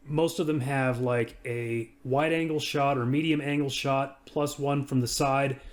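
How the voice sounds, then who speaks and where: Brief: everyday male reviewer, mid-pitched, easygoing screen-demo narration. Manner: casual, talks through each click. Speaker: software reviewer. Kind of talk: screen-recorded software walkthrough.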